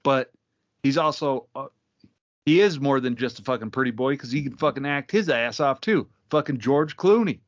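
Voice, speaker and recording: A man co-hosts a podcast in casual chat, his mid-range voice at a moderate pace with the highs cut off. He swears often and speaks emphatically.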